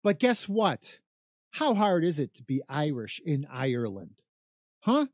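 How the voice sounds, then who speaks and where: A man's voice: fairly high pitch, sing-song, unhurried, darkish tone, dry recording, clean studio sound. Fired-up man ranting on radio. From South Side of Chicago. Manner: fired-up ranting, repeats phrases for emphasis. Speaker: talk radio host. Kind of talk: talk radio rant.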